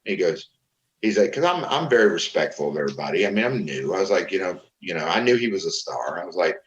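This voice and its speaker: A middle-aged former pro wrestler from Florida, appearing as a guest in a casual interview, speaks fast in a low voice. The low-quality recording is reverberant as he tells profane, animated stories and voices what other people said.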